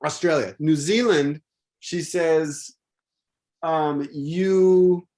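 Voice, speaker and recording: A man in casual conversation, rambling and animated, with many restarts and fillers. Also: on the high side, drawn-out words.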